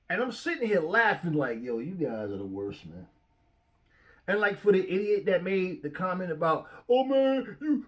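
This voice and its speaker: A middle-aged man hosting a boxing talk channel, ranting at home, profane and combative, mocking commenters and stumbling over repeated words as he gets worked up. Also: a little high. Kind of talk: heated rant to camera. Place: his home.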